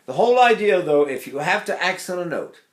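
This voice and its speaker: Older male singing teacher, rambling lesson voice with sung demos, slightly high, echoey room. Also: very animated, fairly quick. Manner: rambling, chatty, breaks into sung vowel demonstrations. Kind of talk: vocal technique lesson with sung demonstrations.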